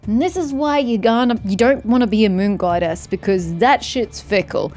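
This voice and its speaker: A woman's voice: on the high side, darkish tone, faint music behind. A woman streamer giving sarcastic, joking commentary over a video game. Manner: sarcastic, joking, quick asides. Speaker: gaming streamer. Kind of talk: let's play commentary.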